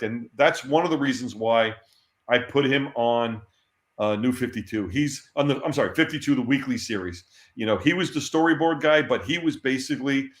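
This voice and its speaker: A man being interviewed, telling animated anecdotes and laughing often. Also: mid-range voice. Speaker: interview guest. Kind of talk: storytelling in an interview. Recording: roomy echo.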